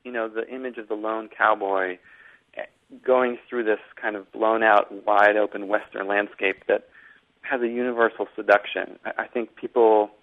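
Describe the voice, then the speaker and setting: A Boston author, on as a guest, speaks thoughtfully with many restarts in a casual interview heard over a tinny phone line. His voice is fairly low and steady, at a moderate pace.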